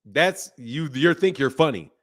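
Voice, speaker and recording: Casting note: slangy, emphatic male stream host, slightly higher-pitched, laughing and riffing loosely. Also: animated, a little slow, a bit bright. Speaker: boxing channel host. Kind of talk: casual live-stream chat reading viewer comments.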